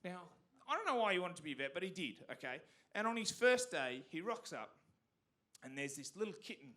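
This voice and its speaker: Animated, high-voiced Australian comedian. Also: male voice, brisk. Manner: animated storytelling with sudden loud punchlines. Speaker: stand-up comedian. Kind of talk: stand-up comedy set. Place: community theatre stage.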